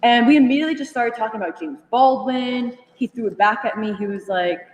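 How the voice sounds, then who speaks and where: A young woman retelling a conversation to a study group, animated and full of fillers, laughing as she goes. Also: a little high, fairly quick, lo-fi sound, a little hiss or hum. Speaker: union member sharing at a study group. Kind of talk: casual storytelling in a group discussion. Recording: echoey hall, voice from far off.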